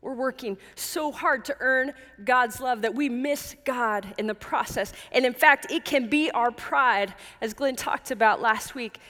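A woman preaching a sermon in an earnest, measured way, stressing key words and repeating lines for emphasis. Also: fairly high pitch, pushed and bright. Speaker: pastor. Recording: long hall reverb.

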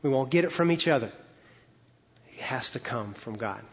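A male pastor preaching a sermon, emphatic and preacherly, slowing down to stress key words. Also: mid-range voice, lively intonation, slightly rough, long reverb tail, highs cut off.

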